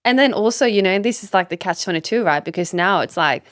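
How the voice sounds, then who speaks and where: A woman's voice: mid-range voice, animated, quick pace, fairly bright tone, no room sound, clean studio sound. A woman from Sweden, a business coach talking as a guest on a podcast, candid and emphatic, swearing freely and leaning on "like" and "you know". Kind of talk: casual podcast interview.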